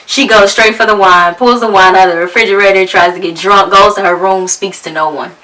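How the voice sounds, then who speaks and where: A woman's voice: medium pitch, steady tone, brisk, bright, forceful tone, recorded from a distance, rough recording. A woman podcast host casually recapping a TV series, talking slangy and frank and swearing freely.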